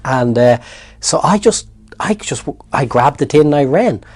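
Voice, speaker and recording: An Irish man telling his story in an interview, animated and repeating words when excited. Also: on the high side, unhurried, slightly rough. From Ireland. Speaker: interview guest.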